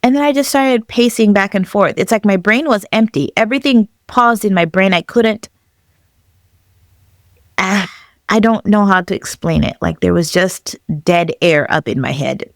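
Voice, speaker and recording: A young woman from Zambia telling a personal story as a podcast guest, reflective and halting, with many fillers. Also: mid-range voice, dry recording, clean studio sound.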